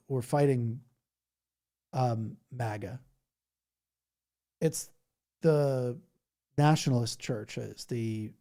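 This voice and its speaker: Warm and medium in pitch, this livestream host chats loosely with his viewers about their comments, rambling, laughing, and poking fun through goofy impressions.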